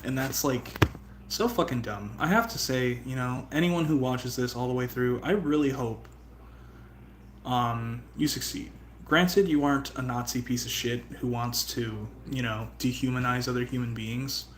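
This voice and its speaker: A man's voice: medium pitch, moderate pace, slight background noise. A young man streaming live, talking in a casual, profane, rambling way that turns heartfelt. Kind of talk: casual livestream chat.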